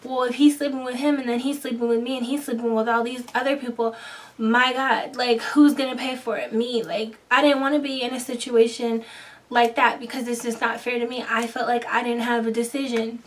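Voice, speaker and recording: Woman doing a storytime vlog, kinda high voice, acts out all the dialogue, mic sits back a bit. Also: a little fast, far from the mic. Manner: animated, quotes herself and others in dialogue. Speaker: vlogger.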